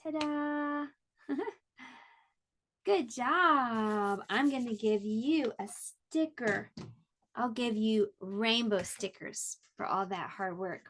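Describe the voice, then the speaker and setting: Pitched a little high, with a slight hiss or hum in the recording, a woman teaches pre-K over the internet. She is soft and encouraging and carefully sounds out words for the little ones.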